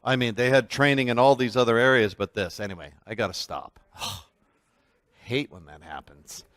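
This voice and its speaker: A man's voice: mid-range voice, moderate pace. Emphatic male church class teacher. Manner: animated, emphatic storytelling with restarts. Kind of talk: storytelling lecture to a class. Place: church meeting room.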